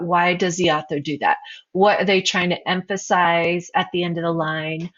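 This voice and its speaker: A woman's voice: fairly low pitch, highs cut off. A woman teacher narrating a recorded slideshow lesson, explaining terms and posing questions to her students.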